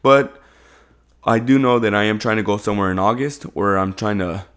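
Laid-back young man, deep voice. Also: normal speed, fairly bright tone, smooth. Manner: laid-back, slangy, swears freely. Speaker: podcast co-host. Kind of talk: casual podcast chat.

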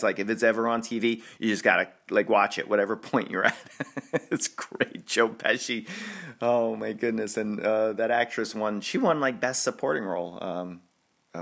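A man's voice: fairly low pitch, bright, forceful tone. A man hosting a sports podcast, rambling in casual chat and laughing often. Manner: rambling, chatty, laughs often, quick restarts. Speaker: podcast host.

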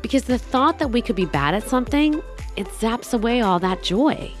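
A woman hosts a podcast, introducing the show and interviewing a guest in an upbeat, enthusiastic way. Her voice sits a little high, with lively intonation and a moderate pace, and faint music plays behind her.

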